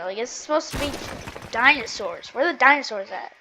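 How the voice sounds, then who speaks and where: A woman giving casual commentary on her own gameplay, talking to herself and bursting into excited yelling. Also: high-pitched, a little fast, slight background noise. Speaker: gameplay streamer.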